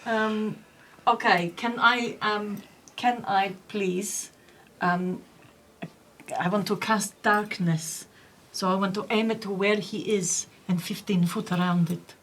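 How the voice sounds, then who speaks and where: A woman's voice: medium pitch, steady tone, slow, fairly bright tone, distant mic. Female player, casual and hesitant, thinking aloud. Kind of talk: casual tabletop play.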